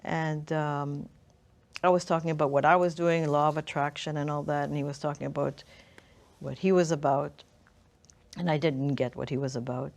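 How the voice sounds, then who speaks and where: A middle-aged woman telling her life story as an interview guest, speaking thoughtfully and haltingly, often restarting her sentences. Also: sits low, steady tone, gravelly, darkish tone. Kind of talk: reflective personal storytelling.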